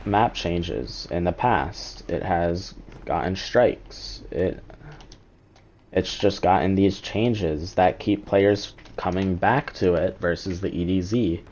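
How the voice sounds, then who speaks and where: A man's voice: low-pitched, a little mellow, slight background noise. A man streaming a game, rambling through his opinions in casual chat and swearing now and then. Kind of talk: casual live-stream commentary.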